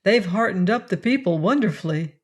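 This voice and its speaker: A woman voicing a good-humoured young man in an audiobook, teasing and gently insistent. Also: medium pitch, lively intonation, fairly quick, lightly acted. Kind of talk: audiobook character reading.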